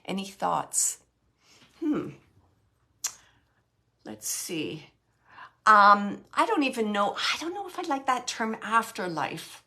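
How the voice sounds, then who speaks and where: Middle-aged woman doing a live chat, rambles a lot, restarts sentences, reassuring, medium pitch. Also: sing-song, slow, long pauses. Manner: rambling and self-correcting, warm reassuring tone. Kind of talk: casual live-stream chat answering viewer comments.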